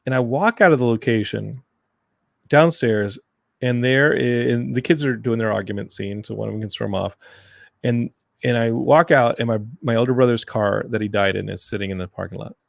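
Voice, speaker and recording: A man hosting a casual podcast chat, telling animated stories about his family and film sets. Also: medium pitch, fairly quick, creaky, no echo, clean studio sound. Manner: animated storyteller, mimics his mom. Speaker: podcast host and filmmaker.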